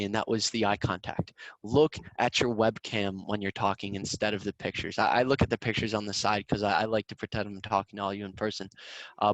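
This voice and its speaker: A man's voice: fairly low pitch, dry recording, rough recording. Upbeat young man coaching over a video call. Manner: upbeat, repeats words while talking. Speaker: student sales competition coach. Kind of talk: casual coaching talk.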